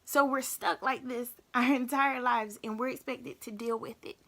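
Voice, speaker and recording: Bright-voiced woman in a halting confessional. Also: a little high, fairly even intonation. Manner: halting, emotional, repeats herself. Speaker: vlogger. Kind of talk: personal confessional vlog.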